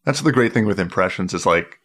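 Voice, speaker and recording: A man with a very low voice in a relaxed conversation. He rambles through his story with frequent stops, restarts and filler words. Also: brisk. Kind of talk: casual chat.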